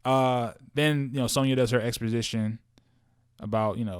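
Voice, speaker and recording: A man co-hosting a podcast in casual chat about movies and shows, animated and slangy, repeating words and restarting his sentences often. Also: mid-range voice, normal speed, clear, resonant tone. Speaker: podcast co-host.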